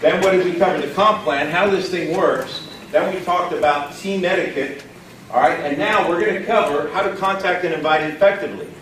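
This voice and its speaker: Energetic male trainer from Texas, echoey room. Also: sits high, fairly quick, slight background noise. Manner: energetic, asks the audience questions. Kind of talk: motivational training talk. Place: training room with a live audience. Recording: roomy echo from far off, faint ambience.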